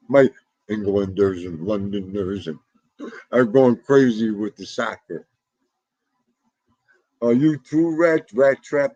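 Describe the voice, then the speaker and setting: Husky, low-voiced man chatting on a stream. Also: no echo, highs cut off. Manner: chatty, laughing, talks back to the chat. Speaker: livestream host. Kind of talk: casual chat with live viewers.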